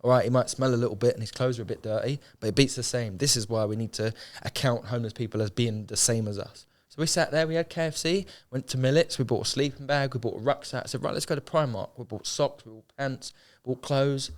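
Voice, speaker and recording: Hardly pausing, a young man talks at a quick pace in a medium-pitched voice, telling his story in an emotional podcast interview. He is a homeless charity founder who speaks in an earnest, heartfelt, colloquial manner, frequently repeating phrases for emphasis.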